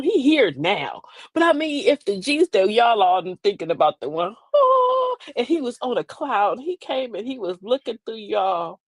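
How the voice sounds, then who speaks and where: Animated older woman, laughing and sassy. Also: a little high, dry recording. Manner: animated, laughing, sassy Southern-style asides. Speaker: host. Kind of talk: comic storytelling monologue.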